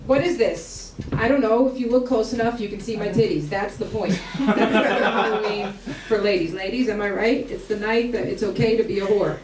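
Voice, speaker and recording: On a comedy club stage before a live audience, an Albanian woman does stand-up with crowd work, teasing people in a brash, profane manner. Her medium-pitched voice stays steady at normal speed with hardly any pauses. The sound is roomy and distant, with crowd noise.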